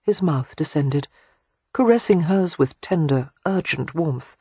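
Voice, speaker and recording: An audiobook narrator with a breathy, husky tone reads romance prose in a soft, intimate, even way. The sound is close and dry, with no room around it. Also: medium pitch, unhurried, dry recording.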